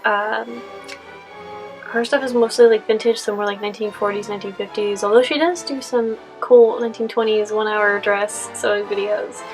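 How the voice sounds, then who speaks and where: A woman's voice: medium pitch, steady tone, moderate pace, soft background music, low-quality recording. A young woman from California answering Q&A questions in a casual vlog, rambling with lots of fillers and laughs. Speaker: costume vlogger.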